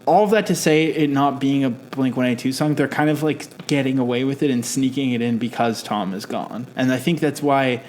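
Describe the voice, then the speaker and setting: A man's voice: medium pitch, a little fast, few pauses, darkish tone, slight background noise. A man co-hosting a podcast, chatting casually and laughing easily. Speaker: podcast co-host. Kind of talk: casual chat.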